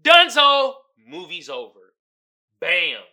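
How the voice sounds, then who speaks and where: A man's voice: high voice, huge pitch swings, takes it slowly, bright, forceful tone. A man hosting a podcast, recapping a movie in a casual, profane, storytelling way with frequent laughter. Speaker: podcast host.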